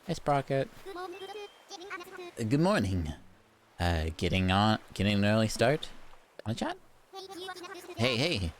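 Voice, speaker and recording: A woman's voice: a bass voice, huge pitch swings, takes it slowly, pauses often, full character voice. A woman voicing an upbeat, sporty male villager who talks in a chipper, encouraging way.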